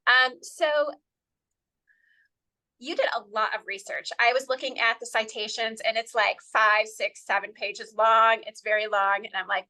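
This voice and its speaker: A woman's voice: a little high, steady tone, moderate pace, bright, forceful tone. A woman hosting a podcast interview, chatty and bubbly, asking questions in a casual way. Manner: bubbly, chatty, laughs often. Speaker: podcast host.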